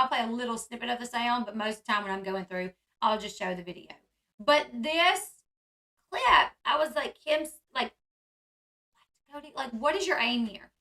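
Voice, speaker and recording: A woman's voice: on the high side, bright, forceful tone. A woman vlogger giving casual, chatty commentary, full of "like" and "um" fillers. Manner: chatty, filler-heavy with frequent "like" and "um". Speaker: vlogger reacting to a reality show.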